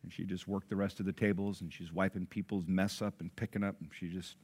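A middle-aged man preaching a sermon, telling a story with loud excited bursts and soft low asides. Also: quick pace, slightly rough. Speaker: pastor.

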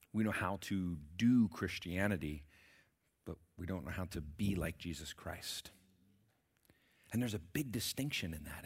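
A man preaching a sermon, asking his congregation questions and swinging between loud emphatic peaks and quiet low passages. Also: slightly rough. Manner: asks the congregation rhetorical questions. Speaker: pastor.

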